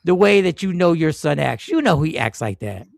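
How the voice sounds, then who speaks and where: Male co-host, raspy high voice, animated, foul-mouthed and emphatic. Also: moderate pace, no room sound, clean studio sound. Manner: heated, profane, emphatic. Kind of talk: casual live stream commentary.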